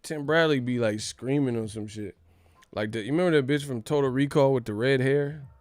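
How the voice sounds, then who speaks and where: A man hosting a casual boxing news livestream, talking in an animated, joking and profane way. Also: mid-range voice, a little fast, no room sound.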